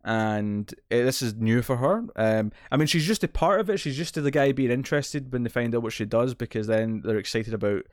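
A podcast co-host recaps a TV episode in casual chat, his mid-range voice animated and brisk with few pauses. He rambles, full of restarts and fillers. The recording is dry, with clean studio sound.

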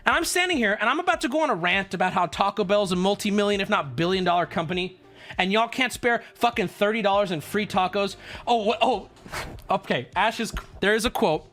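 A man's voice: high voice, expressive, a little fast, a bit bright, soft background music. A man streaming, telling a story to his chat in an indignant, profane rant. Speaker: livestreamer.

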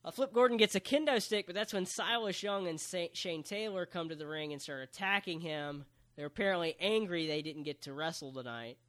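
A man with a fairly high voice talks through a match for a podcast in a relaxed, chatty way. He jokes as he goes and describes the action step by step. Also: brisk, hardly any pauses. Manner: joking, play-by-play recap. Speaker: podcast co-host recapping wrestling. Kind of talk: casual chat.

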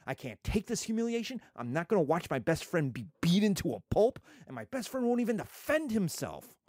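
A man pitches up to play a defiant young man who is outraged at his best friend's humiliation. The voice is lifted, dry and close, and he speaks indignantly. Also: big pitch swings, brisk, a little mellow, no echo.

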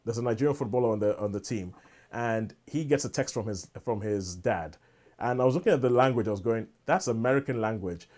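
A man's voice: fairly low pitch, brisk, darkish tone. Rambling man on a podcast. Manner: rambling, with many restarts and asides. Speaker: podcast co-host. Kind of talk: casual chat.

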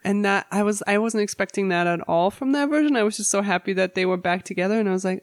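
A woman chatting casually, opinionated and quick to laugh. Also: mid-range voice. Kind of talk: casual chat about book adaptations.

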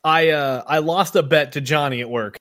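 A man's voice: fairly high pitch, moderate pace, a bit bright. A man co-hosting a podcast, joking and telling stories in casual chat. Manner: joking, laughs easily, storytelling. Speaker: podcast co-host.

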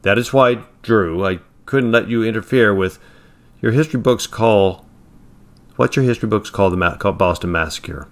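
A man voicing a calm, confident, graying gentleman who guards time, speaking firmly and evenly. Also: on the low side, natural voice. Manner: calm, firm and measured.

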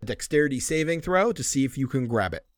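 Lively man running a tabletop game. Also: medium pitch, fast talker, no room sound, clean studio sound. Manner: animated, descriptive, laughing often. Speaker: game master.

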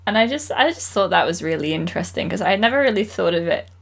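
A woman's voice: on the low side, fast, vocal fry, slightly rough. A woman co-hosting a podcast, casually and thoughtfully talking through a book's ideas. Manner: thoughtful, relaxed, musing. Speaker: podcast co-host. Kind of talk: casual book club chat.

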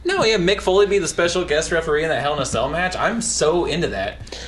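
A man in a casual wrestling podcast, teasing the others with quick jokes. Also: a little high, big pitch swings, fairly bright tone, slight background noise.

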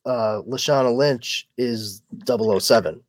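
A man in a casual chat, wry and quick with a joke. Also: mid-range voice, no room sound.

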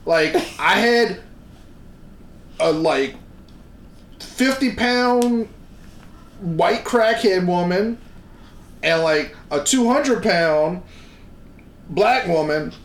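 A man's voice: sits high, animated, drawn-out words, pauses often. A man with a New Orleans accent, co-hosting a podcast in casual chat, joking and laughing as he talks. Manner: joking, laughs while talking. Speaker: podcast co-host. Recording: echoey room with faint background hum.

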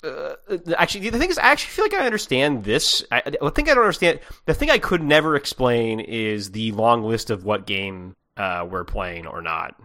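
A man's voice: mid-range voice, very animated, a little fast, few pauses, pushed and bright. A man co-hosting a podcast, chatting in an easygoing way, agreeing and adding wry quips. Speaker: podcast co-host. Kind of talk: casual chat.

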